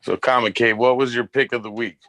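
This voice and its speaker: A man's voice: mid-range voice, steady tone, brisk, pushed and bright. A man co-hosting a casual pop culture live stream, telling rambling, profane anecdotes. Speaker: podcast co-host. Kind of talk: casual chat, storytelling.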